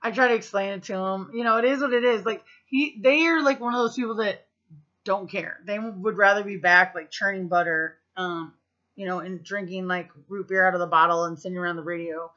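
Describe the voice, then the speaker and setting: A woman's voice: medium pitch, steady tone, a little fast, sharp tone. A woman in her thirties from the United States telling stories to her vlog camera, casual and profane, with lots of fillers. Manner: chatty, profane, full of fillers. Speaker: vlogger. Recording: slightly muffled lo-fi recording.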